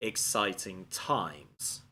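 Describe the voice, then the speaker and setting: A man giving animated, expletive-laden commentary on a video game playthrough. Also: sits low, very slow, husky. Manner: animated, swears often, frustrated outbursts.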